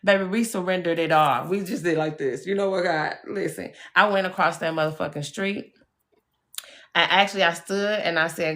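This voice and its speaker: Bright-toned woman on a live stream, kinda low-pitched, chatty, swears a lot, keeps saying y'all. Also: normal speed. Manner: chatty and emphatic, swears freely, addresses viewers as y'all and baby. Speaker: live-stream spiritual reader. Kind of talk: casual live-stream storytelling.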